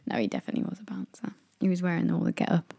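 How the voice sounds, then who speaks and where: A young woman with an English accent chats away, spinning anecdotes and jumping into little voices for the people in them. Her voice sits low and gravelly, with a mellow tone, recorded dry and close. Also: lively intonation, very fast, dry recording, in a whisper. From England. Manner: chatty storyteller, acts out quotes in raised voices. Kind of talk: casual chat.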